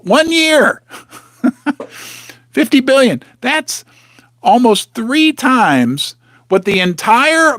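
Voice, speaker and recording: A man's voice: high-pitched, a bit bright, no room sound, studio quality. A man hosting a casual, rambling commentary from his basement, talking straight to his viewers with sarcastic asides and muttering to himself. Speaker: host of a precious metals channel. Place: home basement.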